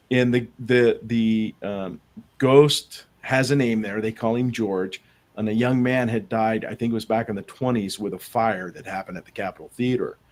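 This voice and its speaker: Man, investigator guest, mid-pitched voice, casual storyteller with lots of fillers. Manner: rambling anecdotes with fillers and restarts. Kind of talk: casual storytelling in a podcast interview.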